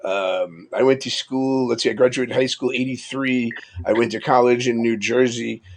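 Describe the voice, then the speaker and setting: A man's voice: mid-range voice, steady tone, moderate pace, slight background noise. A man in his fifties with a New York accent, hosting a casual live chat, rambling and chuckling as he talks. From Long Island, New York. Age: 50s. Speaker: livestream host. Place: home room, video call.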